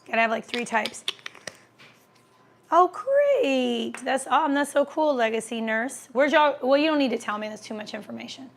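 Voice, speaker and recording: Chatty woman with a gravelly voice. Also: fairly high pitch, fast talker, hardly any pauses, a little hiss or hum. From American Midwest. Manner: chatty, reads comments aloud, talks while eating. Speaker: host answering viewer comments. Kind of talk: casual livestream chat.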